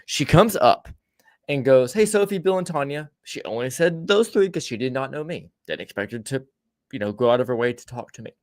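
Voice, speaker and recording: A man's voice: mid-range voice, animated, brisk. Swearing, rambling male podcast host. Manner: profane, rambling, frequent restarts. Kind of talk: casual storytelling chat.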